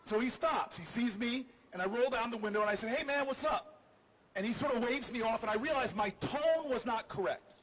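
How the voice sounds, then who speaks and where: A man's voice: extremely high pitch, a little fast, few pauses, slight background noise, low-quality recording. A man, a politician hosting a livestream, tells a humorous, self-deprecating story to a crowd outdoors. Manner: animated, jokey, self-deprecating. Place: outdoors on building steps.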